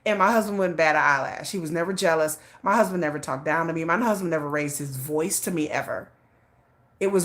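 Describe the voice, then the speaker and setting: A woman host telling a candid personal story on a livestream in a blunt, animated way, laughing often and cursing. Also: deep voice, fairly quick.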